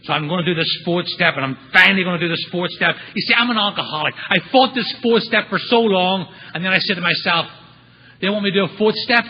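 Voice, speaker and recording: A man's voice: high-pitched, quick pace, dull audio, slight background noise. A man speaking at a recovery meeting, telling his story with humor and acting out the voices of people in it. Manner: animated storyteller acting out quotes.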